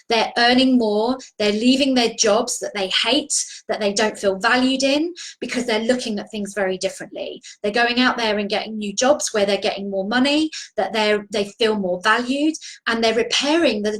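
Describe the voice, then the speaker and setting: A woman's voice: medium pitch, a bit bright, low-quality recording. A woman coaching viewers on a live video stream, talking earnestly and encouragingly, often restarting her sentences. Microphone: video call.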